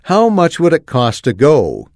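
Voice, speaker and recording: Man voicing teen brother, teasing, gruff, kind underneath; dry close mic. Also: on the high side, wildly swooping pitch, measured pace, a little mellow, no room sound, full character voice. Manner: mocking, grumbling.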